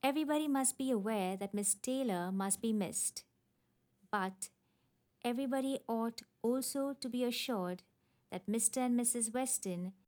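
Lady voicing a level-headed young woman, earnest and reassuring, unhurried. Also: fairly high pitch, a little mellow, lightly acted. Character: sensible young woman, gently firm daughter.

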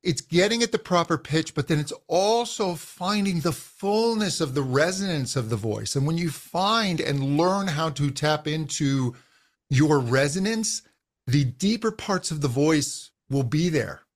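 A middle-aged man with a voice pitched a little high for a man talks as a vocal coach. He explains anatomy and technique steadily and clearly, like a teacher walking a guest through the basics. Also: measured pace. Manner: calm, instructive, uses physical demonstrations of voice. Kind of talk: explanatory interview answers.

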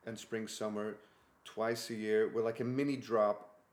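A man's voice: fairly low pitch, unhurried. A man speaking English as a second language, telling stories in a casual conversation and acting out what people said. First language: not English. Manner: animated storyteller who acts out quotes. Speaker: guest.

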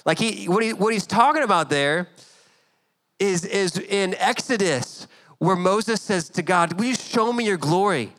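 A man in his thirties delivering a sermon with an easy, conversational touch. His voice sits a bit high for a man, and he keeps checking in with the congregation as he acts out small scenes from the story. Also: normal speed, a bit bright. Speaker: pastor.

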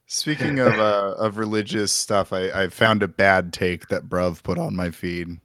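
A man hosting a casual podcast chat, animated and laughing often. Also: lowish voice, a little slow, no room sound, clean studio sound.

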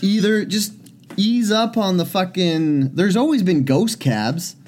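A man's voice: high-pitched, expressive, slow pace, darkish tone. A young man co-hosting a podcast, chatting casually in a joking, rambling way with swearing. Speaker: podcast co-host. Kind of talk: casual chat.

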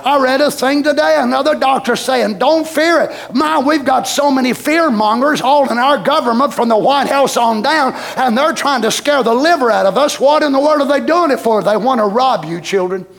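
A man preaching a sermon from the pulpit, pressing his points with repetition and breaking into shouts. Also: very high-pitched, normal speed, vocal fry, hardly any pauses. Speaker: pastor.

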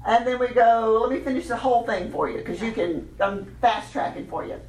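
A woman's voice: fairly high pitch, a little fast, darkish tone. A woman leading a children's music workshop for adults, chatty and upbeat, laughing often. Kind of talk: teaching a hands-on workshop. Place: meeting room at a conference session. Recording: roomy hall recorded from a distance. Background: group echoing chants.

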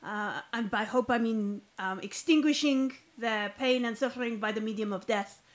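A woman voicing a pompous male zealot poet with a put-on French accent, speaking in a florid, drawn-out way. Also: a little high, lightly acted.

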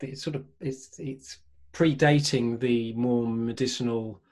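A man's voice: medium pitch, steady tone, a little mellow. A man, co-hosting a casual chat, often stumbling and restarting his words. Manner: halting, stumbles over words. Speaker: co-host.

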